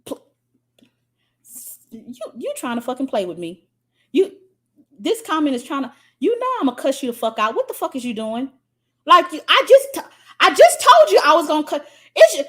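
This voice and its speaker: A woman's voice: high voice, big pitch swings, normal speed, long pauses, a bit bright. A woman coaching spiritually on a livestream, answering comments in a fiery, profane, preachy way.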